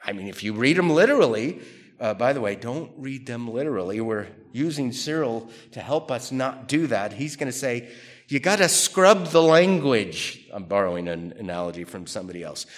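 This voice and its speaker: A man's voice: medium pitch, normal speed. A man giving a conversational theology lecture, reading quotations aloud and questioning them. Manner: animated, conversational, reads quotes aloud. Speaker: theology teacher. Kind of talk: classroom lecture.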